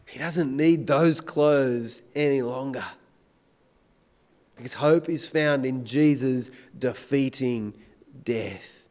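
A man preaching a sermon, swinging between loud emphatic declarations and hushed, intense questions. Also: mid-range voice, slow.

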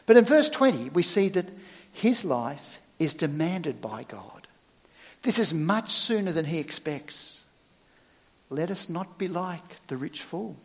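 A middle-aged male church minister preaching a sermon, with emphatic, expressive delivery and sudden loud stresses. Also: a little high, takes it slowly, big-room sound.

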